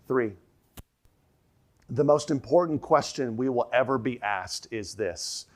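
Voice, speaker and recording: A man preaching a sermon as pastor, emphatic, repeating key lines and dropping his voice low for the quoted question. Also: expressive, measured pace. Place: church sanctuary.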